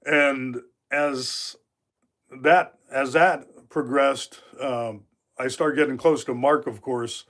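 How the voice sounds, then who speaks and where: A man in his fifties from Alaska, hosting a livestream from his knife workshop. He tells his stories casually and meanders, with lots of filler words. His voice sits at an ordinary pitch for a man. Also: steady tone, slow pace, fairly bright tone. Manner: rambling, with frequent filler words. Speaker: livestream host. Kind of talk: casual storytelling.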